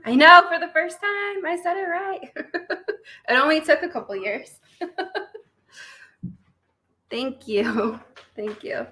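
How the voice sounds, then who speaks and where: A woman's voice: very high-pitched, expressive, unhurried, pushed and bright. A young woman recovering from surgery, chatting casually on a live stream, greeting viewers by name and laughing often.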